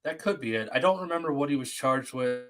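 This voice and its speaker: A man's voice: medium pitch, lively intonation, fast talker, a bit bright. Easygoing male stream host. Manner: easygoing, thanks viewers and chats with guests. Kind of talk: casual chat.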